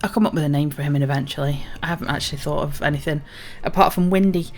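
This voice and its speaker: A woman's voice: sits low, very fast. A woman streaming a video game, chatting casually and rambling with lots of ums. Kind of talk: casual gameplay commentary.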